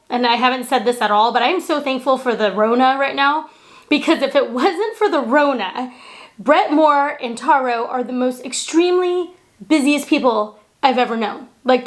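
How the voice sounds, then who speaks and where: A woman co-hosting a casual chat in a small home studio, playful and teasing, laughing often. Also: sits high. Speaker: co-host.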